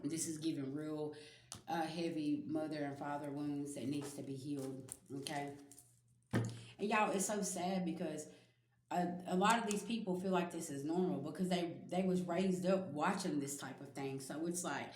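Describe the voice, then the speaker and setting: A woman with a fairly low voice gives a spiritual reading straight to her viewers. She is blunt and emphatic and swears freely. The echoey room gives her voice a hollow ring. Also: moderate pace, darkish tone, a little hiss or hum. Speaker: spiritual reader.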